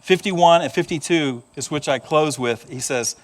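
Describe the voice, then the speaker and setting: A man's voice: fairly high pitch, moderate pace, slight background noise. A man preaching a sermon, telling stories and acting out the voices of the people in them. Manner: animated storytelling, acts out voices of others. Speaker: pastor.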